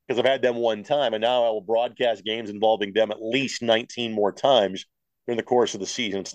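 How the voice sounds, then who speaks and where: Matter-of-fact broadcaster, dry close sound. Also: male voice, mid-range voice, no room sound, lo-fi sound. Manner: talks at length, steady and matter-of-fact, acts out what he told callers. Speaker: play-by-play broadcaster, guest. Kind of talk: interview, telling stories.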